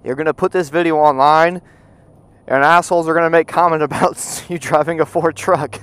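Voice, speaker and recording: A man riding a motorcycle and talking through a helmet mic, rambling and cursing, sometimes breaking into loud shouts. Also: fairly high pitch, fairly even intonation, normal speed, clean tone, no echo. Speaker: motorcycle vlogger. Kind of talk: casual ride commentary. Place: on a motorcycle outdoors. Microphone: helmet Bluetooth mic while riding.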